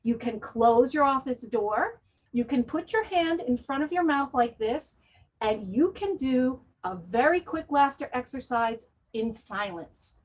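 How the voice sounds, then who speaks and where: A woman's voice: high-pitched, lively intonation, a little slow, darkish tone, low-quality recording. A woman presenting in a webinar, leading listeners through breathing and laughter exercises with an American accent. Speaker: wellness presenter.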